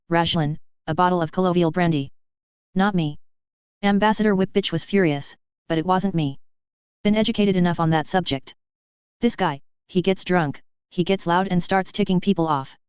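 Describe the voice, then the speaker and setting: A woman's voice: fairly low pitch, clear, resonant tone, no echo, highs cut off, close to an everyday voice. A woman reading aloud, voicing a drunken, foul-mouthed male elf bartender who rambles about his troubles. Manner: slurred, crude, grumbling rant.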